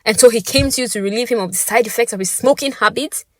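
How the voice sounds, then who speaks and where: A woman's voice: a little high, fast talker, no room sound, clean studio sound, pitched above the performer's own voice, lightly acted. Female reader as a betrayed young boyfriend, pointed and bitter. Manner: interrogating, cold. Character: hurt, suspicious young boyfriend.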